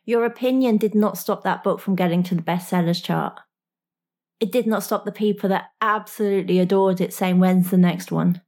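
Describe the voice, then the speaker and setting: A woman's voice: medium pitch, fairly even intonation, fairly quick, darkish tone. A woman speaking directly to the listener in a motivational talk as a coach, frank and slangy, with small laughs.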